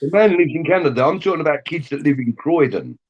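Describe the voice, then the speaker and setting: A man's voice: a little high, lively intonation, quick pace, dull audio. A middle-aged man co-hosting a casual live-stream chat, opinionated and emphatic, often repeating himself.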